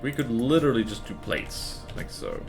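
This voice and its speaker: Male streamer, rambling chatty commentary, answers chat, animated intonation. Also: medium pitch, normal speed, vocal fry, faint music behind. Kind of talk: casual live-stream commentary while playing.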